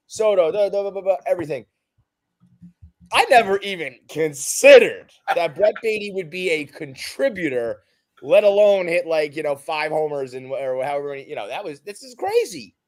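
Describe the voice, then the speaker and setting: A man co-hosting a sports podcast, talking in an excitable, rambling way as a fan. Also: on the high side, brisk. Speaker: podcast co-host. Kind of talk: casual sports chat.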